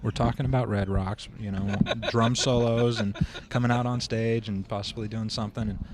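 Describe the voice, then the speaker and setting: A middle-aged American drummer, appearing as a guest, tells stories in a casual chat and laughs often. He's an animated storyteller with a lowish voice and a moderate pace.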